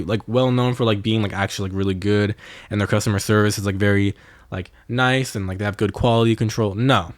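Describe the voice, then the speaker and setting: A man's voice: mid-range voice, no echo. Exasperated, foul-mouthed young man, dry sound. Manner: profane, exasperated storytelling. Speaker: podcast co-host. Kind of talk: casual chat.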